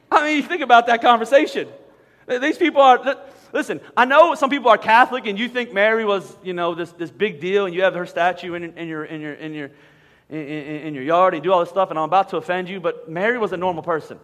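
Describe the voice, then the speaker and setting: A man with a notably high voice delivers a sermon in a large church auditorium, and his words ring out with a long hall reverb. He preaches conversationally, often repeating his words as he restarts a thought and dropping humorous asides. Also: fast, a bit bright. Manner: conversational, frequent word repetitions and humorous asides. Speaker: pastor.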